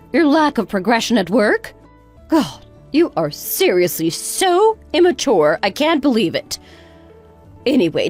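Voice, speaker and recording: A woman's voice: medium pitch, a little mellow. A woman voicing a bossy, harsh older mother-in-law who talks in a sarcastic, cutting way. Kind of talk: narrated text-story drama.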